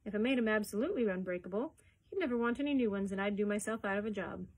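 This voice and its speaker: A woman's voice: mid-range voice, expressive, very fast. A woman reading aloud, voicing a jolly male traveling peddler with a sing-song, folksy patter.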